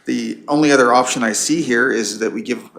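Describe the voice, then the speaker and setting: Gravelly blunt councillor man. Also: medium pitch, a bit bright. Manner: blunt, halting, with many restarts. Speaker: county councillor. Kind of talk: council meeting debate.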